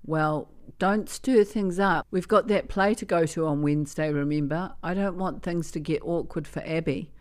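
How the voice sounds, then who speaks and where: A woman voicing a gruff older husband who speaks curtly and dismissively. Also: deep voice, normal speed, hardly any pauses, lightly acted.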